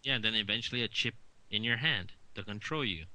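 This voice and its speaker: A man's voice: fairly low pitch, a little fast, sharp tone, dry recording, rough recording. A man co-hosting a casual talk show, talking emphatically and insistently, often restarting his sentences. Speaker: co-host.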